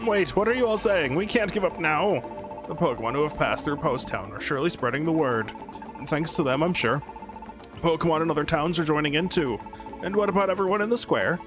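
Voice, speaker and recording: A man's voice: on the high side, lively intonation, a little fast, music in the background. A man co-hosting a let's play, reading game dialogue aloud with earnest drama.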